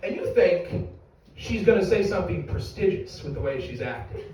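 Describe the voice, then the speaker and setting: A man's voice: high-pitched, sing-song, normal speed, a little mellow. A young adult man doing stand-up comedy, telling a rambling, profane, self-mocking story to a live audience. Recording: echoey room from far off.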